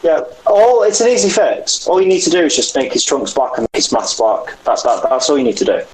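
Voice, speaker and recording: A British man co-hosting a wrestling podcast in casual chat, enthusiastic and quick to laugh. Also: fairly high pitch, darkish tone, reverberant, rough recording. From United Kingdom. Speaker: podcast co-host.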